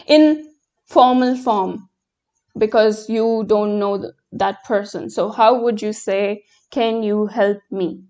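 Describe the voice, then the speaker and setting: A young woman who speaks Hindi natively teaches a live German lesson in English, her voice medium-pitched and warm over lo-fi audio. She responds to the chat slowly and patiently, filling pauses with lots of fillers.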